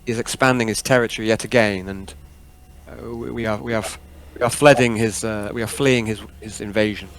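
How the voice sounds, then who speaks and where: A man voicing a frightened woman who captains a refugee ship and begs politely for help in halting, broken phrases. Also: fairly low pitch, steady tone, natural voice. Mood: anxious.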